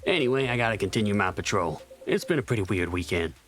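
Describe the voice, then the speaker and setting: A man voicing a police officer on patrol, calm and matter-of-fact. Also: fairly low pitch, quick pace. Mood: steady.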